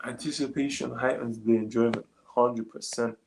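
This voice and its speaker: A man, a little tired, chatting casually on a live stream and reading comments aloud in relaxed slangy talk. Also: mid-range voice, normal speed, creaky, reverberant, a little hiss or hum, rough recording. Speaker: streamer answering chat.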